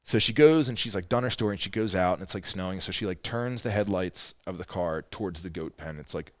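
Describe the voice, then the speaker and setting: Podcast host, male, slightly deep, animated storyteller who swears, dry studio mic. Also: fast talker, dry recording. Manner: animated storyteller, gets loud acting out quotes; swears freely. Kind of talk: casual conversational storytelling.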